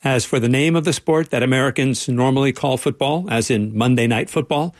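Gravelly dry-voiced male reporter. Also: mid-range voice, a little fast, dry recording. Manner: wry, playful. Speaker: correspondent. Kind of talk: radio feature narration.

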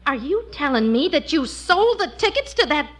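An actress playing an exasperated wife in a 1940s radio sitcom, scolding and emotional. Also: female voice, high-pitched, big pitch swings, moderate pace, a bit bright. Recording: hissy old radio broadcast.

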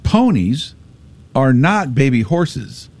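This is a man hosting a radio show, leading the chat in a relaxed, joking way. His voice sits at a middle pitch but rises and falls a lot as he talks. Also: slow, creaky. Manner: chatty, jokey, animated delivery. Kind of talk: casual morning radio banter.

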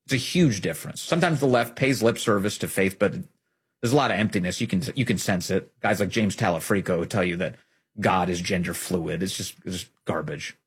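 A man's voice: deep voice, a little fast, husky. A man hosting an opinionated political commentary show, speaking emphatically and repeating key phrases for effect.

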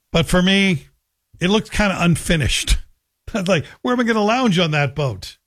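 A middle-aged man hosting a talk radio show in a chatty, joking monologue. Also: a little high. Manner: chatty, joking, self-deprecating. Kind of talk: casual monologue.

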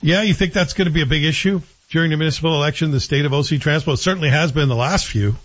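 A man's voice: fairly high pitch, very fast, fairly bright tone. A man hosting a talk radio show, chatty and self-deprecating with joking asides. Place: radio studio. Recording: dull radio broadcast.

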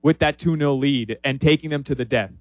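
A man giving soccer betting picks in casual chat, animated, with many fillers and restarts. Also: medium pitch, fairly quick, no echo. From not from Spain. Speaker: soccer analyst guest. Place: Miami area.

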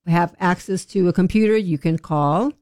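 Low-voiced woman promoting a program. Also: moderate pace, darkish tone, no room sound, studio quality. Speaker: program representative, guest. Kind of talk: radio interview.

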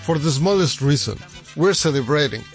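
A man's voice: on the high side, lively intonation, normal speed, faint music behind. A man reading an English voice-over translation of an interview, conversational and reflective.

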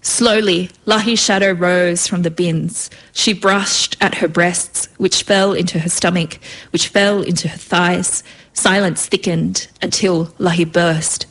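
A woman's voice: fairly low pitch, fairly even intonation, measured pace, a bit bright. A woman reading her own story aloud in a vivid, rhythmic way. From Australia.

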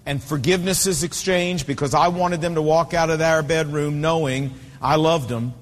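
A man's voice: a little high, steady tone, moderate pace, big-room sound. A man in his fifties preaching a sermon with an emphatic, repetitive cadence. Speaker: pastor.

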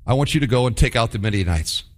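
A man's voice: mid-range voice, expressive, quick pace, pitched below the performer's own voice, lightly acted. A man preaching voices God as a firm, commanding presence. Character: God, commanding divine male voice.

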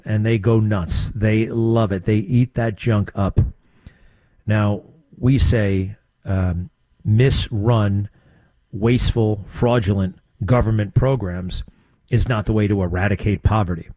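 Blunt older male talk host, dark voice. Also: lowish voice, dry recording. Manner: blunt, conversational, quick asides. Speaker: radio talk show host. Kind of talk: political commentary.

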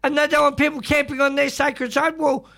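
An Australian man hosting a community radio show, talking in a halting way with lots of fillers and restarts, and full of strong opinions. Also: extremely high pitch, completely flat delivery, vocal fry, sharp tone. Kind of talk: casual radio chat.

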